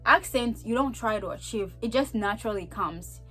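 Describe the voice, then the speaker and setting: A woman's voice: mid-range voice, animated, moderate pace, a bit bright, faint music behind. A young woman from Zambia with a Zambian accent, talking casually and animatedly to her vlog audience, repeating herself and laughing often. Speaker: vlogger. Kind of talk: casual chat to camera.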